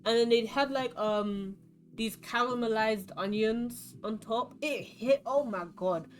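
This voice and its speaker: A woman's voice: on the high side, a little slow. A young woman from London with a London accent, chatting and rambling as she plays a card game on stream. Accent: London English. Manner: chatty, rambling, animated storytelling. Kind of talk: casual chat while playing a card game.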